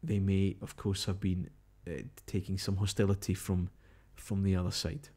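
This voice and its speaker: A Scottish man with a low, warm voice hosts live overnight results coverage in a radio-style broadcast. His pitch barely moves and his speed is normal as he chats casually, muses aloud, and reads out tweets, updates and messages.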